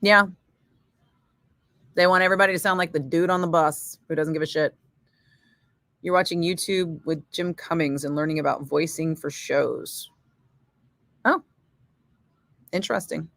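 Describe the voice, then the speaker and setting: Woman, radio DJ, casual livestream chat, forceful bright tone, dry close studio sound. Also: low voice, moderate pace, long pauses, no echo. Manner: chatty and animated, with many fillers. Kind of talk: casual livestream chat answering viewer comments.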